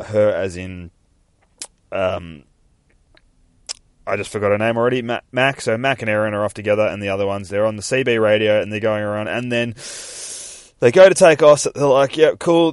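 A young man talks through a comic book issue on his podcast, rambling, swearing freely and laughing as he reads out the characters' lines. His voice sits low, and the sound is dry with no room around it. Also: no room sound. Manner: profane, rambling, laughs often, reads dialogue aloud. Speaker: podcast host. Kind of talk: casual comic book recap.

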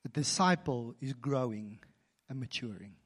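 A man preaching a sermon, telling stories animatedly and swinging from quiet, intimate moments to emphatic passages. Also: medium pitch, normal speed. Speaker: pastor.

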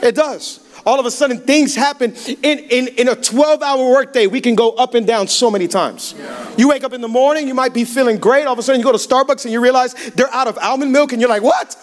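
High-voiced animated male pastor. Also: fast. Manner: animated, humorous, acts out quotes. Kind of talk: sermon with storytelling. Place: church sanctuary.

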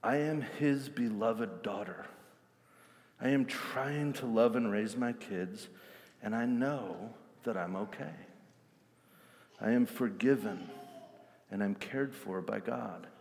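Man playing a calm mother, slow quiet reassurance, low-key, long hall reverb. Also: vocal fry. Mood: steady. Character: calm, self-assured mother steadying herself.

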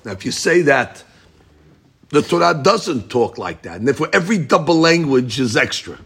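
A man's voice: medium pitch, very animated, moderate pace, gravelly, fairly bright tone, slightly rough. A man teaching a Talmud class, explaining a passage to students emphatically and repeating his points as he goes.

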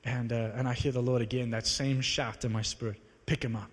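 A man preaching to a live audience, telling a story in an animated, conversational, self-mocking way. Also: medium pitch, fairly quick. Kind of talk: sermon storytelling. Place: large hall with live audience. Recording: long reverb of a large hall.

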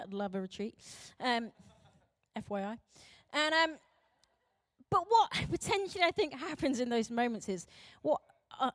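Young British woman preacher, high voice, dry recording, lively and self-mocking. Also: no echo. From Britain. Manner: animated and chatty, acting out quotes, laughing at herself. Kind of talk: sermon.

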